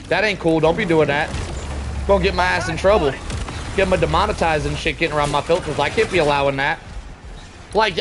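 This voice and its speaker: A man's voice: on the high side, a bit bright. A young man streaming a game live, chatting casually with viewers, joking and swearing, with game sounds behind him. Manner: chatty, reads chat aloud, swears and jokes. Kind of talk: casual live-stream chat while gaming. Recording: clear game noise behind.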